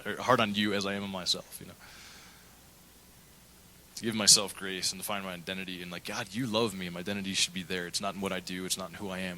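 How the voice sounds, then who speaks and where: Bright-voiced male pastor, candid storytelling. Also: lowish voice, slight background noise, poor audio. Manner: candid, storytelling with acted-out quotes. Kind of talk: sermon. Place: church.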